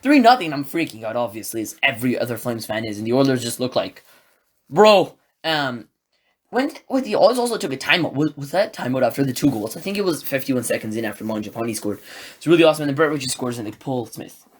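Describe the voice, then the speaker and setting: Excitable man with a lively voice. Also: medium pitch, fast. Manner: excitable, rambling, acts out his own reactions. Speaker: podcast host. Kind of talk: solo sports podcast recap.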